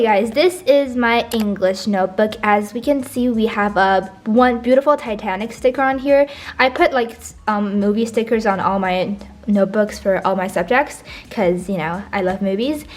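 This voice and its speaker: A teenage girl chats through a tour of her old school notebooks. She is playful and giggly, and she hams up the notes she reads aloud. Her voice sits at an ordinary pitch for a girl. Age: teens. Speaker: vlogger.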